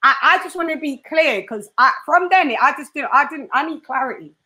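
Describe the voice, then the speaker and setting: A woman interviewing a guest in casual chat, animated and laughing often. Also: high-pitched, brisk. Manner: animated, laughs often, does voices for quotes.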